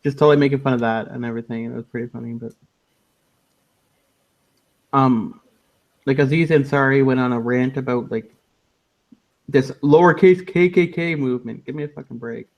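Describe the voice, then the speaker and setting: A man's voice: mid-range voice, fairly even intonation, fairly quick, long pauses. A man hosting a casual online radio chat, loose and laughing, often trailing off into mumbles. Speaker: podcast host.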